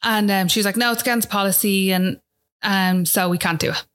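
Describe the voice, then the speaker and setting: An Irish woman speaks as a guest on a talk show. She tells a personal story in an easygoing, chatty way and keeps checking in with the listener. Her voice sits at a middle pitch for a woman. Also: fairly even intonation, brisk, a bit bright. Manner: chatty, fills talk with "like" and "do you know what I mean".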